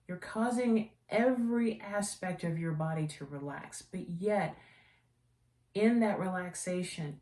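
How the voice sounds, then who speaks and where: A woman with a lowish voice hosts a casual tea vlog, rambling happily and gushing over products she loves. She sits back from the mic, and the room adds a noticeable echo. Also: distant mic. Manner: rambling, warm-hearted enthusiasm for products. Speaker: tea vlogger and host. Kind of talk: casual chatty review. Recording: echoey room, voice away from mic.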